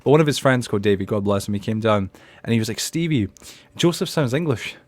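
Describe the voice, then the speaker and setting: A young man from Scotland with a softened Scottish accent, hosting a casual podcast chat and talking fast in quick restarts. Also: lowish voice, no room sound. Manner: rapid, animated, restarts sentences often. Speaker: podcast host.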